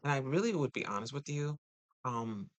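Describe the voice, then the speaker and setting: An animated man speaks at a moderate pace with no echo, chatting casually to viewers as a relationship coach. He's talkative, leans on rhetorical questions, and his pitch jumps suddenly.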